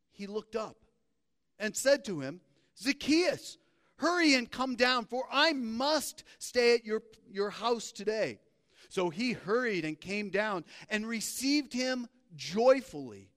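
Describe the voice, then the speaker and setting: Animated preacher man in a reverberant church. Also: sits high. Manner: animated, playful storytelling preacher. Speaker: pastor. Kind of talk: sermon with scripture reading. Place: church sanctuary. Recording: long hall reverb.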